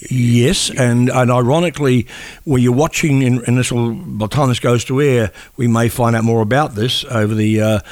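An older man in mid-range pitch, talking calmly and thoughtfully. He trips over and repeats words as he recalls old stories, and the sound is dry and close. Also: normal speed, dry recording. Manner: reflective, repeats words while thinking. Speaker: veteran journalist and broadcaster. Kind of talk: casual chat.

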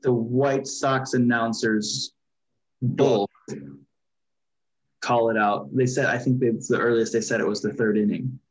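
A man co-hosts a relaxed sports podcast in a mid-range voice. He talks in loose, rambling runs full of fillers. A faint hiss sits under the recording. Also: medium pitch, measured pace, pauses often. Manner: chatty, rambling with fillers and restarts. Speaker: podcast co-host. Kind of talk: casual sports chat.

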